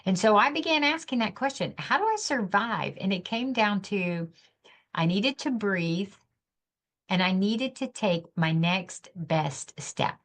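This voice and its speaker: A woman's voice: mid-range voice, lively intonation, unhurried, fairly bright tone. A middle-aged woman, a podcast guest, telling her personal story of loss in an earnest, emotional, reflective way.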